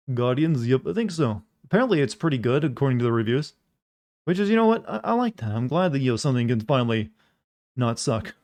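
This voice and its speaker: A man's voice: medium pitch, darkish tone. Male streamer, sleepy, drawling, casual chat with viewers.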